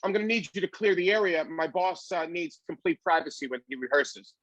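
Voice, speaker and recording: A comedian voicing a tough male bodyguard who talks politely with halting pauses. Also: on the high side, animated, a bit bright, no echo, muffled recording. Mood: curt.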